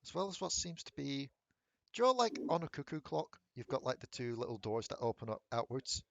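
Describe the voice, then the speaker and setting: Male game master, mid pitch, relaxed and conversational, dry close sound. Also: brisk, gravelly, dry recording. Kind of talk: narrating a tabletop game.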